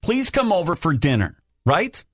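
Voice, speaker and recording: A man's voice: on the high side, huge pitch swings, moderate pace, no room sound. A man co-hosting a morning radio show from the studio, coaxing and incredulous as he talks with callers. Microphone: studio microphone.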